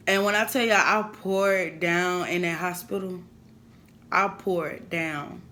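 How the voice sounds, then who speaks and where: A woman vlogger telling a painful personal story to camera in a halting, emotional way, holding back tears. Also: mid-range voice, fairly even intonation, fairly bright tone. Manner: emotional, halting, repeats herself.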